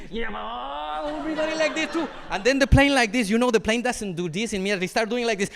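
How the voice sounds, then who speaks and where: High-voiced monk telling a lively story. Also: male voice, quick pace, hardly any pauses. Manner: animated storyteller, imitates sounds and voices. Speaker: monastic teacher. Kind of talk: dharma talk with storytelling. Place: retreat hall.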